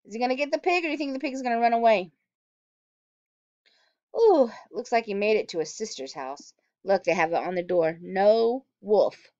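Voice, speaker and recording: A woman teacher reads a storybook aloud, her voice swooping up and down with lively expression. She keeps pausing to ask her young listeners questions. The sound is dull and dry, as if recorded close with a plain mic. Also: a little high, no echo.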